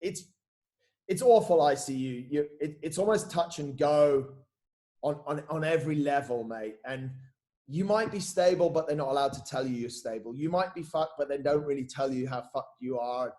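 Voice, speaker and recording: A man's voice: fairly high pitch, normal speed, darkish tone. A man telling his story as a podcast guest, casual and candid, often saying "mate", repeating words and swearing freely.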